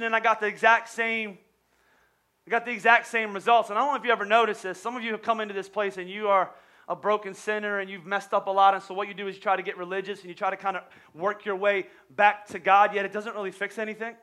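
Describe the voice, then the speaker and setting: A male pastor delivering an energetic sermon in a storytelling manner, stumbling and restarting at times. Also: high-pitched, fast talker.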